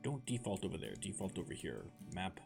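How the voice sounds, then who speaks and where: A man's voice: deep voice, very animated, a little fast, creaky, music in the background. A Canadian man with a Canadian accent, casually chatting and joking to viewers while streaming a game. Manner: chatty, joking asides, talks to chat. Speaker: gaming streamer. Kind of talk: casual let's-play commentary.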